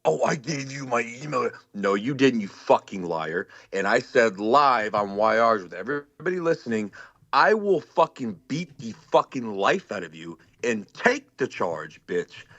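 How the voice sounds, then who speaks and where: Male guest, mid-pitched, furious profane rant, muffled lo-fi sound. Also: sing-song, unhurried, a bit bright, no echo. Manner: furious, threatening, swearing constantly. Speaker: guest on a live stream.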